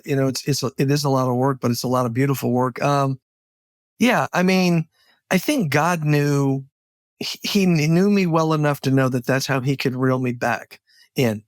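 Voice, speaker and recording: A man's voice: medium pitch, moderate pace, no room sound. A man as a podcast guest, telling his personal story in a heartfelt, candid way, close to the mic. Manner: heartfelt, candid, faith-driven.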